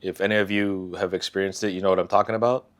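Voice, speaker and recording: Soft-spoken man with a low voice, halting. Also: little pitch movement. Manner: soft, halting, with sighs and restarts. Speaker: vlogger sharing a personal story. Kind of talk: confessional personal talk.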